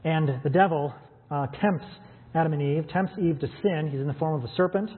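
A man preaches a sermon in an earnest, conversational way, asking rhetorical questions. His voice sits a little high for a man. The sound is thin and phone-like, with a long hall echo. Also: brisk. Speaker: pastor. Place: church with stream audience.

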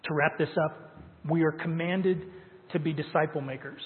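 A man's voice: fairly high pitch, steady tone, normal speed. A man preaching a sermon as pastor, emphatic and stressing key words. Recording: tinny phone-like sound with long hall reverb.

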